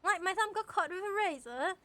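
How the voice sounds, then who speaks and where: Bright, playful woman streamer. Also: extremely high pitch, expressive, brisk. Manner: playful, rambling, giggly. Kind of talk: casual chat reading out chat messages while gaming.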